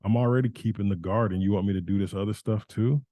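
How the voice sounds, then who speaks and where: A defiant, put-upon Cain, as a male Bible teacher acts him out, brushes off his duty in a casual, exasperated way. The voice sits low and mellow. The sound is close and dry. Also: fairly even intonation, quick pace, no room sound, lightly acted.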